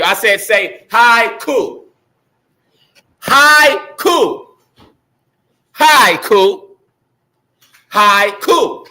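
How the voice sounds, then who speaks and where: A man giving the morning announcements at a school assembly, energetic and repeating his points with call-and-response. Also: high-pitched.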